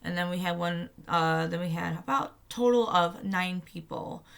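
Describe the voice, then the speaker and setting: A woman's voice: fairly low pitch, moderate pace, vocal fry. A young woman from Michigan telling a story in a casual vlog, blunt and heated, swearing freely and acting out what others said. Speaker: vlogger recounting a protest.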